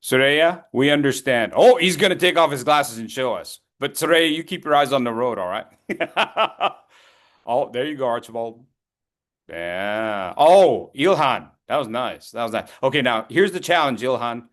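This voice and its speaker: A man's voice: medium pitch, lively intonation, measured pace, a bit bright. A man in his fifties presenting a public speaking workshop, playful and encouraging as he calls on people by name. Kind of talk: lively interactive workshop coaching.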